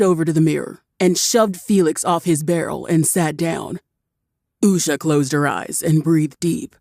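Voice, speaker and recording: Slow, low-voiced woman narrator. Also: creaky, darkish tone, no echo, clean studio sound. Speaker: audiobook narrator. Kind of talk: first-person audiobook narration.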